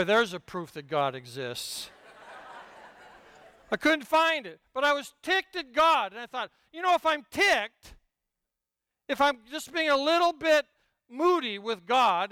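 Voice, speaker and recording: An older man delivers a sermon in a high, bright voice that rings with energy. He tells stories with humor and swings from hushed asides to shouted peaks, with a smooth, resonant tone in a dry, close sound. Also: no room sound. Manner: storytelling with humor. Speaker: pastor.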